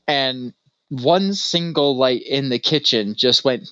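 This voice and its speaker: A man's voice: medium pitch, slow, a bit bright, clean tone, no echo. A man co-hosting a podcast in casual chat, a loose, rambling storyteller who laughs often. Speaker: podcast co-host. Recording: dry, slightly dull recording.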